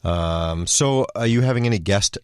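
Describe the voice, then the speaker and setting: A man's voice: lowish voice, moderate pace, a little mellow, clean tone, dry recording, studio quality. A man co-hosting a podcast in casual chat, joking and teasing his partner. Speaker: podcast co-host.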